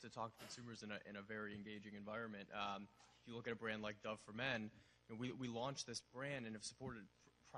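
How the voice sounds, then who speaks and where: A man's voice: mid-range voice, fairly bright tone. Male panelist, wry, frequent restarts. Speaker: panelist, brand marketer. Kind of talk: panel discussion.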